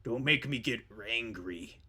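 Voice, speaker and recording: A man voicing a big, booming male bear who leads a gang and speaks slowly and threateningly. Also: lively intonation, sharp tone, heavily acted. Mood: gruff. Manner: slow, threatening.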